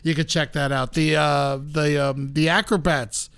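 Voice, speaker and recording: A man's voice: on the high side, a little slow, gravelly, smooth. A man co-hosting a podcast, telling comic stories with frequent laughter. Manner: laughs often, loud animated voices when quoting. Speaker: podcast co-host. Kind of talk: casual comedic storytelling.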